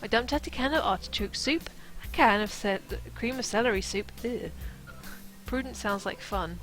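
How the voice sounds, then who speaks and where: A woman reading a novel aloud on a stream, breaking off for playful, chatty comments of her own. Her voice sits a little high, and soft music plays faintly behind her. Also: brisk, rough recording.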